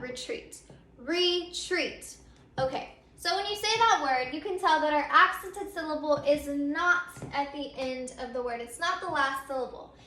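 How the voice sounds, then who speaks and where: Young woman teacher, bright tone, patient step-by-step explainer. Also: high voice, slight background noise. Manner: patient, repetitive explaining with many ums. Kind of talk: recorded grammar lesson. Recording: echoey room.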